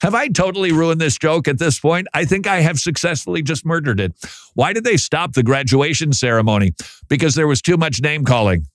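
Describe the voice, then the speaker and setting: A man's voice: a little high, expressive, a little fast, dry recording, studio quality. A man hosting a Christian talk show, chatting casually with wry, self-deprecating humor.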